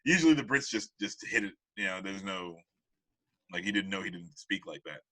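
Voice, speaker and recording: A man co-hosting a casual podcast chat, excitable and laughing often. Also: sits low, a little fast, low-quality recording. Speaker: podcast co-host.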